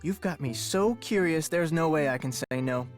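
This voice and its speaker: A low-voiced, animated boat owner, game villain, faint music. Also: female voice, moderate pace. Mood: lively.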